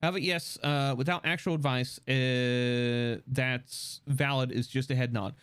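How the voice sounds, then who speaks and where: A man's voice: mid-range voice, fairly even intonation, fairly bright tone, clear, resonant tone, no room sound. Young male stream host, casual and joking, stop-start delivery, dry close-mic sound. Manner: joking, laughs often, halting restarts. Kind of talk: casual livestream chat.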